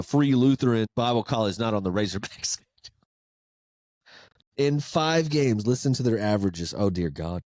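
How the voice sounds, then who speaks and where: A man's voice: medium pitch, dry recording. Laughing, incredulous man. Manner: incredulous, laughing, animated ranting. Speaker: podcast host. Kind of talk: casual sports podcast monologue.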